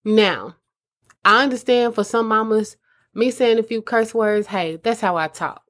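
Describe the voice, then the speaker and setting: A woman's voice: on the high side, a little slow, a bit bright. Earnest woman giving casual advice. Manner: earnest, conversational, addresses listeners as mamas. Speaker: host addressing mothers.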